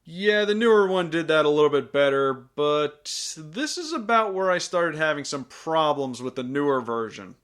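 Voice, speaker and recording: A man delivering scripted film review commentary. He talks with a sarcastic, jokey edge. His voice sits slightly high. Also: expressive, normal speed, few pauses, fairly bright tone, clean tone.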